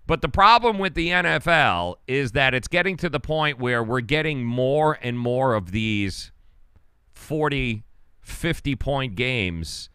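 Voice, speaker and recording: A man hosting a sports talk show, venting about a game in a loose, rambling way. His voice is bright and clear. The sound is dry and close, with no room behind it. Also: mid-range voice, no echo. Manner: rambling, exasperated, frequent restarts. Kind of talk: casual sports commentary.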